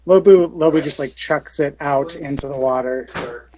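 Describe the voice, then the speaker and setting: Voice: medium pitch, normal speed, dark tone, slight background noise. A tabletop player describing their character's actions, hesitant and playful with many restarts.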